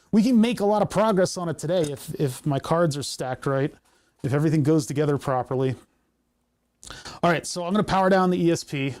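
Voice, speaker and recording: Rambling, joking man, slightly high voice. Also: darkish tone. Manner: rambling, jokey, thinks aloud through technical steps. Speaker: live streamer building electronics. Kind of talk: casual live-stream chat while working.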